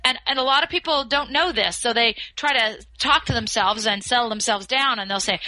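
A woman speaking as an expert guest on a podcast interview, coaching listeners and slowing down to stress her key phrases. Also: on the high side, pushed and bright, no room sound, low-quality recording. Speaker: communication skills expert guest.

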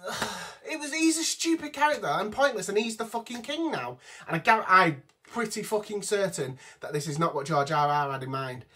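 A vlogger with a high, animated voice talks fairly quickly, his tone sharp and slightly rough. Working from his notes, he delivers an exasperated, profane rant reviewing a TV episode.

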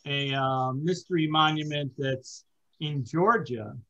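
A man's voice: fairly high pitch, takes it slowly, fairly bright tone, highs cut off. A man hosting a casual podcast chat, rambling with many fillers and hesitations. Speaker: podcast host.

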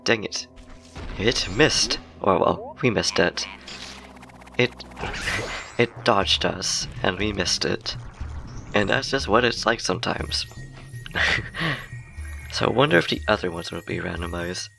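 Young male gaming YouTuber, low fry-tinged voice, giggly and rambling, game music underneath. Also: slow pace, long pauses. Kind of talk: casual let's-play commentary.

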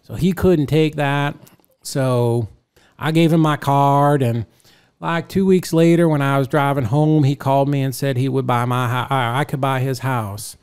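A man imitating a slow-talking old rural Florida man who mumbles as if he has marbles in his mouth. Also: mid-range voice, fairly even intonation, darkish tone, clean tone, close to an everyday voice. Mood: storytelling.

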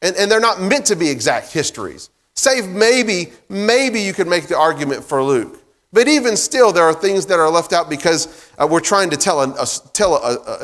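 Man, pastor, conversational sermon, fillers and restarts, slightly high voice, long church reverb. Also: fairly bright tone. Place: church sanctuary.

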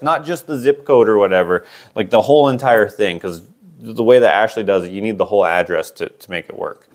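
A man with a somewhat low voice sells his handmade sculptures in a relaxed livestream auction. He rambles, trails off into fillers and makes fun of himself. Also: brisk. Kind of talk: casual livestream auction chat.

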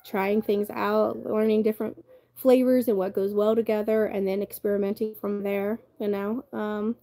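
A woman's voice: medium pitch, little pitch movement, normal speed, warm tone. A young adult woman from the Southern United States, chatting casually on a livestream, reading viewer comments aloud and laughing often as she rambles. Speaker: livestream host.

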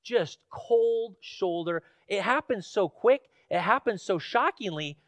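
A man's voice: high voice, lively intonation, slow pace, no room sound. A male pastor from Washington State preaching a sermon in a church, telling stories casually with fillers and building to emphatic questions. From Washington State, USA. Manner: conversational storytelling with fillers, rising to emphatic questions. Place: church sanctuary.

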